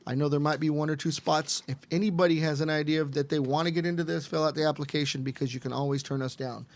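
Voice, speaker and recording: A man's voice: fairly high pitch, steady tone, fast talker. A man hosting a live show, joking and plugging upcoming events in casual banter. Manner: joking, promotional, teasing. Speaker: host. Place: studio.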